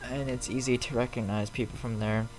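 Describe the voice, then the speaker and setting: A man's voice: medium pitch, flat delivery, fairly quick, a little mellow, faint music behind, low-quality recording. Chatty Chicago-accented man streaming. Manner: chatty, a bit defensive, rambling with fillers. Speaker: flight-sim live streamer. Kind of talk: casual live-stream chat, answering viewers. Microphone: streaming mic.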